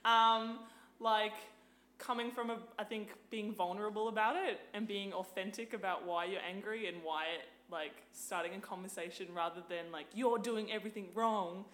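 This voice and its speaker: A woman's voice: mid-range voice, normal speed, reverberant. A young woman, a podcast guest, chatting casually, full of "like" and swearing freely. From Australia. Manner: animated, swears freely, lots of "like". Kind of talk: casual chat.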